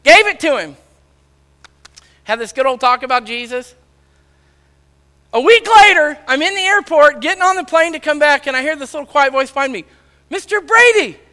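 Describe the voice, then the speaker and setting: A man preaching a sermon, loudly telling stories and acting out the dialogue. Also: very high voice, animated, normal speed, pauses often. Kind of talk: sermon storytelling. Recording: long reverb of a large hall.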